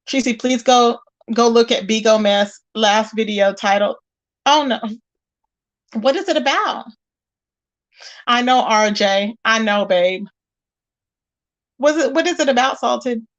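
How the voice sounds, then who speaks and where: A woman's voice: fairly high pitch, measured pace, pauses often, highs cut off. A woman hosting a casual gossip livestream. She talks emphatically and greets her viewers by name as she chats. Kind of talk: casual live-stream chat.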